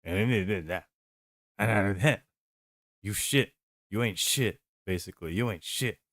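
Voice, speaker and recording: A man's voice: fairly low pitch, normal speed, no echo, clean studio sound. A man doing a mocking impression of a blustering older male politician who repeats himself dismissively. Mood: scornful. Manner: loud, repetitive, mocking.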